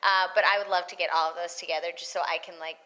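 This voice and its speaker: Bright, animated woman voice actress. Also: fairly low pitch, fast, poor audio. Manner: animated, acts out quoted lines. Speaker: voice actress guest. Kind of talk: casual interview chat.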